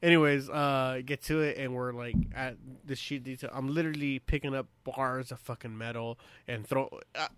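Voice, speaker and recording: Bright-voiced man swapping rowdy war stories. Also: mid-range voice, fairly even intonation, moderate pace, few pauses, smooth, no echo. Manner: profane, laughing, acts out quotes loudly. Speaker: veteran telling war stories. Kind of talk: casual storytelling chat.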